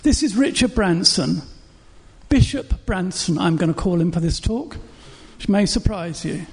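A man's voice: high-pitched, expressive, unhurried, breathy edge, in a large hall. A man preaching a sermon, telling stories emphatically. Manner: emphatic storytelling.

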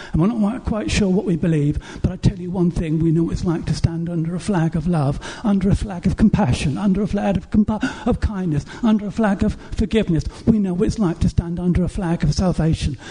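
A man preaches from the pulpit, his voice pitched notably high yet mellow and soft in tone. A heavy huskiness runs through every phrase as he stacks up rhetorical questions, earnestly urging his congregation. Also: a little fast, few pauses, slightly rough. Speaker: pastor. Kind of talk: sermon.

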